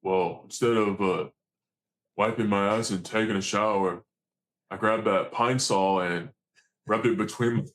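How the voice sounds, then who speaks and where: A man's voice: lowish voice, fairly even intonation, unhurried, a bit bright, slight background noise. A man voicing a sheepish male crewmate, speaking hesitantly with fillers.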